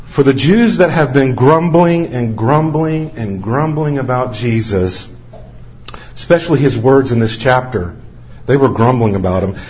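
A man's voice: mid-range voice, measured pace, a little mellow, dull audio. A man preaching a sermon as a missionary, stressing key phrases by repeating them over and over.

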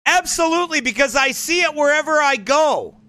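A man's voice: very high voice, lively intonation, brisk, bright, forceful tone. A male pastor preaching in a combative, mocking, emphatic way. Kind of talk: fiery preaching broadcast.

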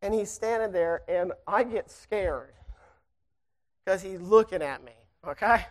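A preacher telling a personal story to the church in a folksy, animated way and then preaching fervently. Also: mid-range voice, unhurried.

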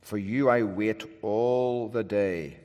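A man's voice: on the low side, takes it slowly, a little mellow, clean tone, dull audio. Man, preacher, earnest emphatic sermon, long reverb of a church hall. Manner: earnest, emphatic, with restarts and asides.

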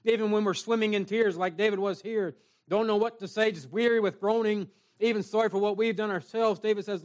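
A young man with a notably high voice preaches a sermon. He talks earnestly and plainly, circling back over his phrases and reading scripture aloud. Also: steady tone, fairly quick, a little mellow.

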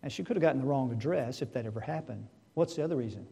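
A man preaching a sermon to his congregation, asking rhetorical questions and swinging between hushed and loud delivery. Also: medium pitch, rapid-fire, gravelly, husky.

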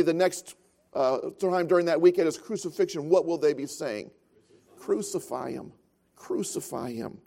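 A man's voice: high-pitched, a little mellow. A man preaching a sermon as pastor of a church, telling stories with frequent filler sounds.

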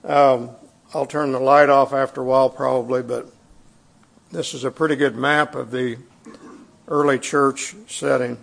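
Gravelly-voiced man preaching a sermon. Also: mid-range voice, little pitch movement. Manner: conversational, halting with fillers and restarts. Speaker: pastor. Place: church sanctuary.

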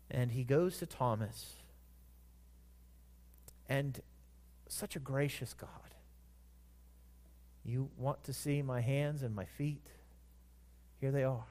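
A man preaching a sermon in a church, earnest, swelling louder on scripture and dropping soft at the ends of phrases. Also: mid-range voice. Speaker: pastor.

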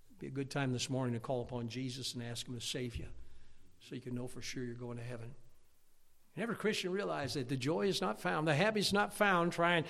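Gravelly, fiery middle-aged preacher. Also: male voice, medium pitch, quick pace. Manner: animated, rising to near-shouts when stirred up; acts out imagined listeners' objections. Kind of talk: sermon.

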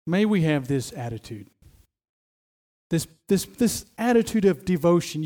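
A man's voice: fairly high pitch, big pitch swings, unhurried, long pauses, mellow. A man preaching a sermon, emphatic, often repeating phrases and restarting as he stresses a point.

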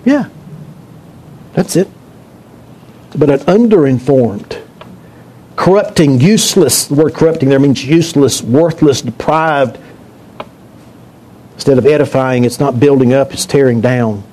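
A man's voice: medium pitch, a little slow, long pauses, dark tone. A man preaching a sermon to his congregation in a church, talking in a conversational, joking way and asking the room questions. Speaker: pastor.

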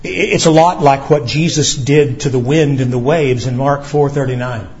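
A male pastor preaching a sermon with passion, swinging between commanding shouts and low quiet asides. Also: moderate pace, lo-fi sound, slight background noise.

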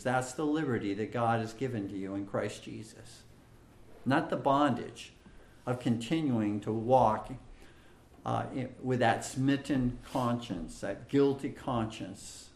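A man preaching an expository sermon in a measured, emphatic way, with frequent fillers and repeated phrases. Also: medium pitch, vocal fry. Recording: echoey room.

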